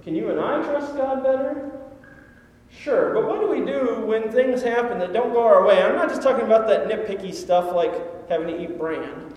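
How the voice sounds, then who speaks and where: A man with a strikingly high voice preaches a sermon, leaning on storytelling and rhetorical questions. His voice rings out with heavy echo and a long reverb tail from a large church hall. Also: normal speed, darkish tone. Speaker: pastor.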